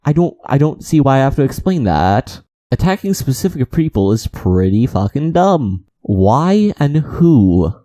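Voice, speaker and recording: Male commentator, unscripted rant, indignant, mellow tone with a swooping delivery. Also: medium pitch, very animated, a little slow. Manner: indignant, exasperated, repeating himself for emphasis. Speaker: anime video commentator.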